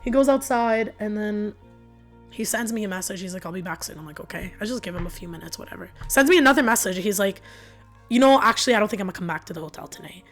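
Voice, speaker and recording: A woman's voice: medium pitch, expressive, quick pace, faint music behind. Woman telling a personal story. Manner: casual, filler-heavy speech with many "like"s; emotional retelling that acts out both sides of arguments. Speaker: podcast guest.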